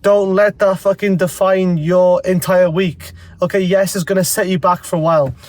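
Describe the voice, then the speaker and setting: Young guy, high voice, nose blocked up from a cold, blunt and sweary advice vlogger, dry close sound. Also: steady tone, normal speed, darkish tone, no echo. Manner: blunt and profane, rambling. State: congested from a cold. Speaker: self-improvement vlogger. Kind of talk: casual talking-to-camera advice.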